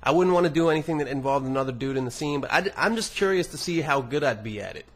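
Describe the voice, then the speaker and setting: A man's voice: a little high, lively intonation, fast. A young man hosting a podcast, reading listener emails aloud and answering them in a rambling, profane, casual monologue with many restarts.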